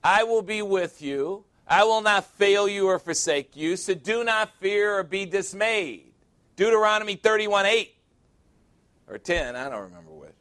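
A man's voice: high voice, animated, unhurried, fairly bright tone. A man preaching a sermon in a conversational way, with jokes and emphatic asides.

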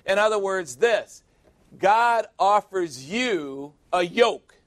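A man's voice: sits high, animated, slow. A man preaching a sermon in a conversational way, with jokes and emphatic asides.

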